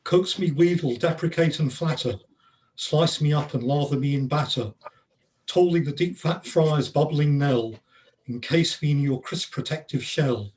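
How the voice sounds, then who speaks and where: A man's voice: on the high side, unhurried, darkish tone, poor audio. A man reads his own rhyming poem aloud over a video call, in a rhythmic recital. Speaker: poet reading his poem. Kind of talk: poetry reading.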